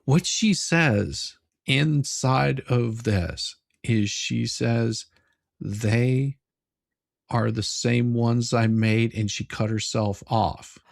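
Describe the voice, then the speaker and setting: A host chatting through a commentary stream in an unhurried way, with a gravelly, fry-laden voice that sits mid-range. The sound is dry and close. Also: medium pitch, no echo. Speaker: show host. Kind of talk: casual commentary chat.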